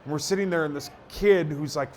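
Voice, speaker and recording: A man co-hosting a casual talk show, telling loud, joking stories. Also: a little high, fairly quick. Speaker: podcast co-host. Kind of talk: casual chat. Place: live taping venue.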